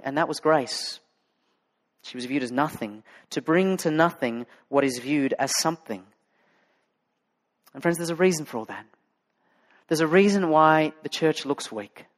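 With a mid-range voice and moderate pace, the pastor, an Australian from Sydney, gives his sermon conversationally. He leans on storytelling, and his speech is full of fillers and restarts.

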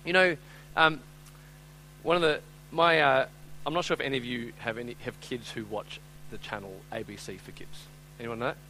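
A man preaching a live sermon, moving between loud, urgent appeals and quiet, chatty storytelling full of fillers. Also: mid-range voice, fairly even intonation, normal speed, slight background noise, poor audio. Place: speaking before a live audience.

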